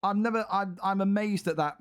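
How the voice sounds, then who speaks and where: Brief: young male commentator, higher-pitched voice, blunt, profane, exasperated live game-fight calls. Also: brisk, clear, resonant tone. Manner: blunt, swearing, exasperated rants. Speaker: commentator and league host. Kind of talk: excitable esports fight commentary.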